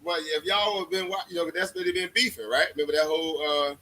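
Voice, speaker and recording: A man talks loosely and laughs often while hosting a stream. His voice is bright and a little high for a man. A faint hiss sits under the recording. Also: quick pace, rough recording. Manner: laid-back, slangy, laughs often. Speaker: livestream host. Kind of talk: casual chat.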